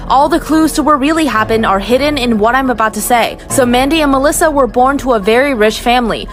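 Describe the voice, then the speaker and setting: A woman reading a riddle mystery story in a measured, suspenseful narration. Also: high voice.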